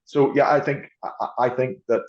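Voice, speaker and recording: On a podcast, a man who coaches rugby thinks aloud, frequently restarting sentences and repeating words. He speaks fairly quickly in a steady, medium-pitched voice, and the audio is dull.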